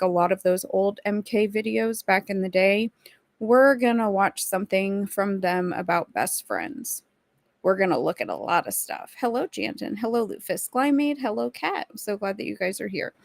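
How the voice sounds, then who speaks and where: Woman livestream host, gravelly voice, dry close sound, chatty and snarky with the chat. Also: mid-range voice, dry recording. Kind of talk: casual livestream chat reading viewer comments.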